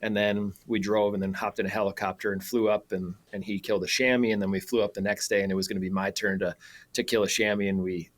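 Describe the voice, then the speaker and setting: Low-voiced man telling a laughing story. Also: quick pace. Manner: laughs often, animated storyteller with many fillers. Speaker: guest. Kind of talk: casual storytelling. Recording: radio show interview.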